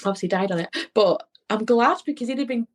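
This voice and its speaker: A woman's voice: fairly high pitch, animated, quick pace. A woman, a podcast guest and medium, telling a heartfelt personal story in a rambling way, acting out the voices of the people she quotes.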